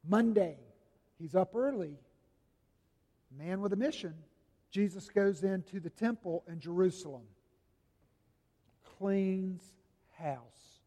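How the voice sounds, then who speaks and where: A man preaching a sermon as pastor, dramatic and swinging from booming to hushed. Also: unhurried, pauses often, long reverb tail.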